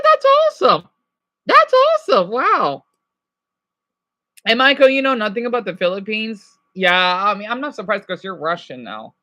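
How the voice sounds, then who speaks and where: A woman's voice: mid-range voice, fairly bright tone. A woman livestreaming, chatting loosely with her viewers and answering their messages, with lots of "you know" and restarts. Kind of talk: casual live chat.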